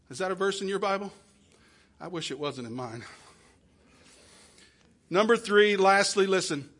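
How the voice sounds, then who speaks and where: Pastor guy preaching, high bright voice, gets loud then goes quiet, church mic. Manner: emphatic preaching with sudden loud peaks and drops to a hush. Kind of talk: sermon. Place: church sanctuary.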